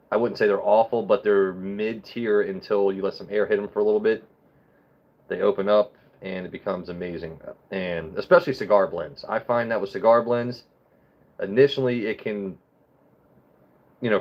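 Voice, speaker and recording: A man's voice: lowish voice, dull audio. A young man hosting a live stream, chatting loosely with viewers and swearing while he tastes whiskey. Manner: loose, swearing, talks straight to chat. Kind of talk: casual live-stream chat and whiskey tasting.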